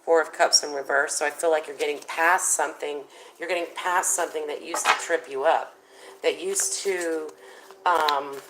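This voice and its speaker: A woman with a low voice reads tarot cards in a loose, conversational way. She thinks aloud, fills pauses with ums and likes, and talks straight to her viewers. A faint hiss of noise sits under the recording. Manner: chatty, thinking aloud with many fillers. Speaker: tarot reader. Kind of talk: casual tarot reading.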